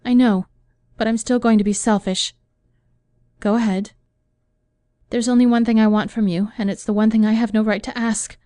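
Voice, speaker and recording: A woman's voice: a little high, steady tone, moderate pace, mellow, dry recording, natural voice. A woman voicing a heartbroken young woman in an audiobook, speaking in a pleading, emotional way.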